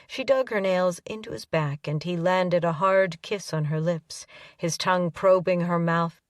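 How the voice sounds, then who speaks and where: A woman narrating a romance audiobook in an even, unhurried storytelling manner. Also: on the low side, no room sound, studio quality, far from the mic.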